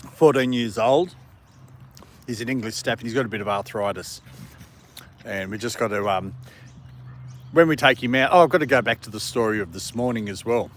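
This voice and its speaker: A man's voice: mid-range voice, fairly bright tone, a little hiss or hum. Chatty man at a park. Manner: chatty, talks to his dog and viewers, laughs often. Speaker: live streamer with his dog. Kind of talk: casual live stream chat. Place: park outdoors in the evening.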